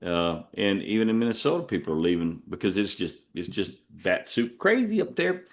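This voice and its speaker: Texan man, low-ish voice, folksy rambling storyteller with digressions. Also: sing-song, moderate pace. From Texas. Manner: folksy, digressive, drawling asides. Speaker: podcast host.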